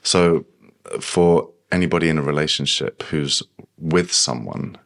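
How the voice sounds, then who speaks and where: Very deep-voiced man in casual talk. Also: measured pace, gravelly, fairly bright tone. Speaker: podcast co-host. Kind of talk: casual chat.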